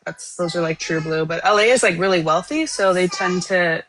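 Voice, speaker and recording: A woman's voice: on the low side, moderate pace, fairly bright tone, slight background noise. A woman in a casual online political discussion, explaining her views in a self-assured way. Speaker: debate participant.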